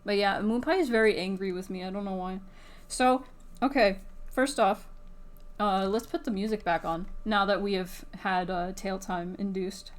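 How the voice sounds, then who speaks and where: A woman's voice: medium pitch, moderate pace. A woman casually chatting on a live stream while drawing, scattered and chatty, swearing freely and laughing. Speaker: streaming artist.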